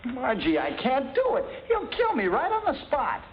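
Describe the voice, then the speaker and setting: A man's voice: very high voice, huge pitch swings, normal speed, a little hiss or hum, heavily acted. An actor playing a timid, hapless young man in a 1950s sitcom, meek and nervous. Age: young adult. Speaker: boyfriend. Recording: dull lo-fi 1950s TV audio with laugh track.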